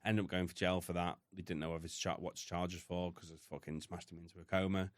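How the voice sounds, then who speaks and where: A British man with a very low, deep voice recounts his past candidly, swearing freely as he talks. The sound is close and dry, with no room around it. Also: little pitch movement, quick pace, no room sound. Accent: British English. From United Kingdom. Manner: blunt, heavy swearing, emotional retelling. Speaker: podcast guest. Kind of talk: candid storytelling.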